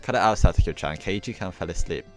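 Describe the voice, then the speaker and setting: A man's voice: sits low, fast, soft background music, lightly acted. Man reading as a sweet schoolgirl. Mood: fond. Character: sweet cheerful teenage schoolgirl classmate.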